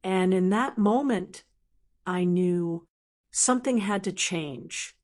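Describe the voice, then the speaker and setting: Woman narrator, mid-pitched, slow and clearly enunciated, doing scripted storybook narration for learners. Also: a little mellow. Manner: slow, plain, clearly enunciated simple sentences.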